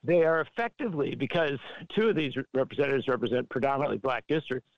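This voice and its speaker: A man appearing as a political journalist guest, explaining in a deliberate, measured way with pauses. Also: mid-range voice, creaky, no echo, lo-fi sound. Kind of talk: measured political commentary on a phone line.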